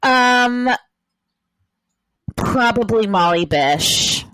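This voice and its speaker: A woman chatting as a guest on a podcast, her voice sitting a little high. She rambles along with plenty of fillers and restarts. The sound is dry and close. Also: lively intonation, extremely slow, a bit bright, no echo, rough recording. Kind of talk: casual chat.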